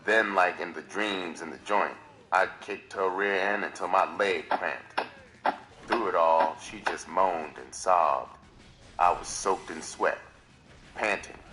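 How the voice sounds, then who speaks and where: A man's voice: deep voice, unhurried, bright, forceful tone, soft background music. A man reading a novel aloud on a live stream in dramatic first-person narration. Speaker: reader.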